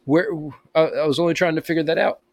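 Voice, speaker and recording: A man's voice: on the high side, steady tone, quick pace, vocal fry, no room sound. A man co-hosting a podcast in casual chat, rambling through explanations with many fillers. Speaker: podcast co-host.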